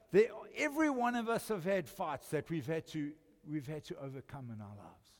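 An older South African man preaches in a fairly high voice. He swings from loud, emphatic declarations down to quiet, intimate asides. The sound carries a long reverb from a large church hall. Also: lively intonation, moderate pace, few pauses. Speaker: pastor. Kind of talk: sermon.

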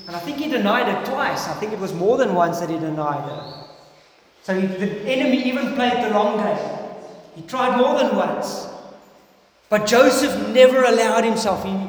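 A South African man preaching a sermon to a congregation, earnest and emphatic, with loud stresses and quiet asides. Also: high-pitched, lively intonation, moderate pace. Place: church hall. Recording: echoey hall with long reverb.

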